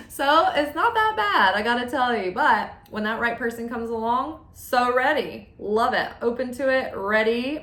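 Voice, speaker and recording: A woman's voice: fairly high pitch, lively intonation, moderate pace, hardly any pauses, fairly bright tone. Chatty woman reading tarot, echoey room. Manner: chatty, candid, laughs often. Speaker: tarot reader. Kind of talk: casual chat while reading cards. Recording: roomy echo.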